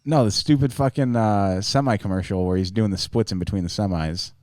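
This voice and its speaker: A man's voice: lowish voice, brisk, a little mellow, no echo, clean studio sound. A man co-hosting a casual podcast, blunt and opinionated, swearing heavily. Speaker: podcast co-host.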